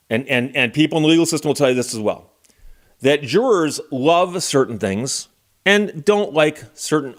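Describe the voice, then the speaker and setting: A man giving casual, wry legal commentary and talking straight to the viewer in a conversational way. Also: mid-range voice.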